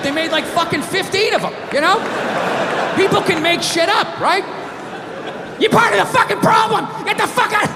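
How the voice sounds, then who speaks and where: Brief: male stand-up comic, high strained voice, profane sarcastic rant, echoey hall with loud crowd. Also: noisy background. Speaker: stand-up comedian. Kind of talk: stand-up routine. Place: live theater stage. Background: audience laughter.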